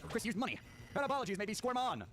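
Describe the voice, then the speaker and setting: A young man playing a video game, reading its text aloud in casual, jokey commentary with sudden loud outbursts over game music. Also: very high-pitched, big pitch swings, racing.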